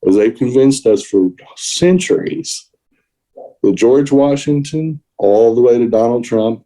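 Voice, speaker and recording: A man's voice: mid-range voice, lively intonation, measured pace, warm tone, low-quality recording. A man co-hosting a podcast, giving emotional, indignant political commentary. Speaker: podcast co-host.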